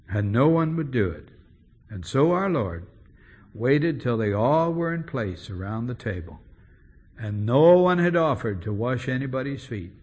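A man's voice: mid-range voice, sing-song, measured pace, a little mellow, husky. A man preaching an expository sermon, emphatic and using rhetorical questions.

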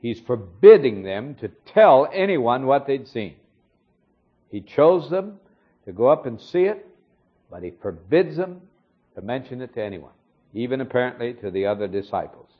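Husky-voiced man teaching from the Bible. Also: medium pitch, expressive. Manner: measured, explanatory, with occasional fillers. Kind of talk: expository sermon. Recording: dull lo-fi recording.

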